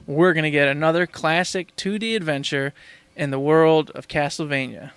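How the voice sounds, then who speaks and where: A man co-hosting a casual gaming podcast, excitable and speculating with lots of laughs. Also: on the high side, normal speed, clean tone, dry recording. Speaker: podcast co-host.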